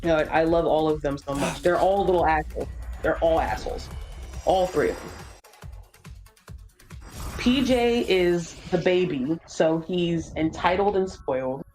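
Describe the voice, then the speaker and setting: A young woman chatting casually during a game stream, telling stories with lots of "like" and swearing, copying kids in squeaky voices. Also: unhurried, pauses often, darkish tone, faint music behind, low-quality recording. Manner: casual swearing, says "like" a lot. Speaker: streamer co-host. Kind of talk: casual chat while gaming.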